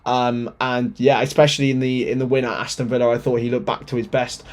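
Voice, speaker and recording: A man's voice: mid-range voice, fairly quick. Nervous chatty man hosting a watchalong. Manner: excitable, stumbling, chatty fan talk. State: nervous and shaky. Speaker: watchalong host. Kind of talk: live football watchalong commentary.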